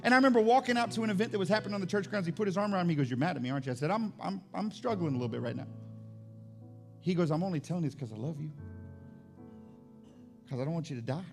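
A man preaching a sermon in a conversational, testimony style. He often repeats words as he builds up, and he climbs higher and louder when stirred. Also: fast talker, gravelly, pauses often, soft background music. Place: church service.

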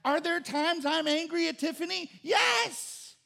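Pastor, middle-aged man, high gravelly voice, animated joking sermon delivery. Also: normal speed. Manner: conversational preaching, animated and joking.

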